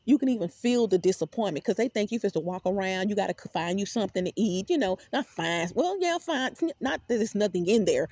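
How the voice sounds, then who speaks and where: A woman talks straight to her viewers in an unscripted, rambling monologue. She is animated and emphatic, circles back over her own words, and swears without a second thought. Her voice sits in a middle pitch and sounds dry and close, with no room echo. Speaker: vlogger.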